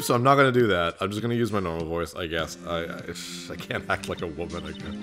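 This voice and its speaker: A man's voice: low-pitched, quick pace, music in the background. A young man rambling casually as he plays and comments on a video game. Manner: rambling, casual, lots of fillers. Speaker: let's play gamer.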